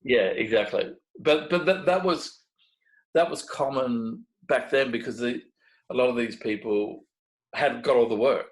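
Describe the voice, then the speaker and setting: A middle-aged Australian make-up effects artist, speaking as an interview guest at a measured pace and medium pitch, tells stories in a casual, animated way. He keeps restarting and acts out the dialogue of other people. The recording is rough.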